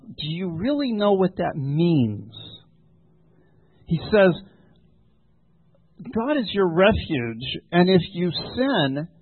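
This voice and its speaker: Male preacher, slightly high voice, dry close sound, measured delivery with many pauses. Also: slightly rough, no room sound. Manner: measured, frequent ums and pauses, explaining scripture. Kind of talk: sermon. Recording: dry, tinny phone-like sound.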